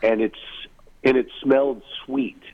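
Male author guest, husky and thoughtful, heard over a thin phone-like connection. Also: mid-range voice, fairly even intonation, a little slow. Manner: thoughtful, musing, many asides. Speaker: author being interviewed. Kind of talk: reflective conversational interview. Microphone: remote line from far away. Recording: tinny phone-like line.

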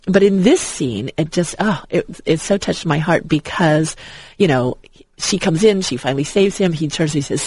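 A man's voice: fairly high pitch, expressive, normal speed, darkish tone, slightly rough, dry recording, poor audio. A man chatting as an enthusiastic movie fan, rambling with many restarts and fillers. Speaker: guest.

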